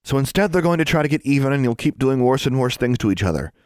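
A man's voice: mid-range voice, animated, quick pace, clear, resonant tone, no echo, clean studio sound, voice pushed up, natural voice. A man voicing an anxious, studious young schoolgirl who scolds her friend with worry. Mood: worried. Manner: worried, scolding.

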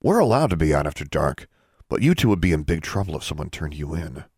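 Dude doing a smug bully wizard kid, taunting, bouncy voice. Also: male voice, very deep voice, very animated, fast, a little mellow, husky, no echo, studio quality, exaggerated voice.

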